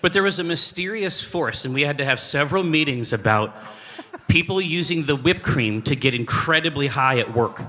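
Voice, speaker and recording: Bright-voiced man on a convention stage. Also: a little high, lively intonation, normal speed. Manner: rambling, joking storyteller. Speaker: panel host. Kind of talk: casual panel banter. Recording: long hall reverb.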